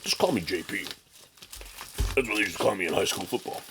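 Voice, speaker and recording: A man with a deep voice doing a cocky, offhand male comic seller. He brags quickly and casually, tossing off his lines. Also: expressive, noisy background. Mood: boastful. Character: brash mocked male comic seller, boastful.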